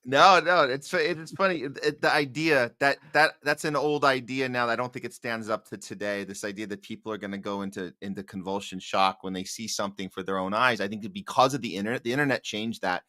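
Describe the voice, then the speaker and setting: A man in casual podcast banter who agrees readily and adds his own thoughts. His voice is bright and forward at a middle pitch. The recording is dry and close. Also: no room sound. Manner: agreeable, quick affirmations. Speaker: podcast co-host.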